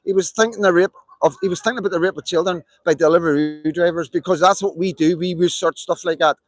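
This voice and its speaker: A man's voice: high voice, steady tone, quick pace, low-quality recording. A man with a Belfast accent, delivering an impassioned, repetitive live-stream monologue in an emphatic, rallying way. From Northern Ireland.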